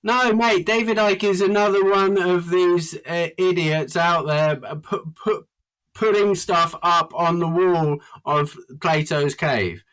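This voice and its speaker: Halting man chatting in a garden. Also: high-pitched, fairly even intonation, a bit bright, clear, resonant tone. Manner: halting, lots of fillers, then bursts of emphasis. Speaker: podcast guest. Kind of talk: casual chat. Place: garden outdoors.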